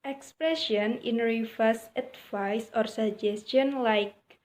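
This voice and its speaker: A woman's voice: on the high side, measured pace, a little mellow. A young woman student with an Indonesian accent reading a class presentation carefully, with small grammar slips. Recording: dull lo-fi recording.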